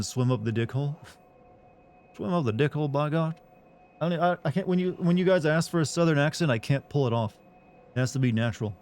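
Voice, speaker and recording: A man's voice: medium pitch, a little mellow, slight background noise. A man streaming a game who argues with his chat in a casual, sarcastic way, swearing freely and sounding incredulous.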